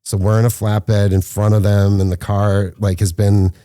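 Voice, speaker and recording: A man, a filmmaker guest on a podcast, tells stories casually at a moderate pace, captured in a dry, clean studio recording. He's an animated storyteller who acts out quotes with rising pitch.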